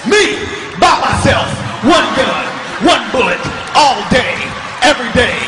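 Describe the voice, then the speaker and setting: A man voicing his menacing, boastful uncle who vows revenge, shouting threats. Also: steady tone, over loud music, a loud crowd, close to an everyday voice. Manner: shouting threats, lower and slower.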